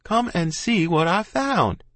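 A man's voice: high-pitched, animated, slow, fairly bright tone, no echo, pitched above the performer's own voice, heavily acted. A man voicing a lanky, friendly country boy who speaks in a plain rural dialect. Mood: eager.

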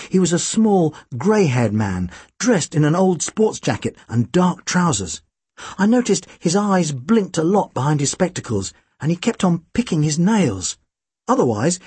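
A man reading a first-person comic mystery audiobook with wry, deadpan delivery. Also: on the high side, slightly rough, no echo. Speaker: audiobook narrator. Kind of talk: scripted first-person narration.

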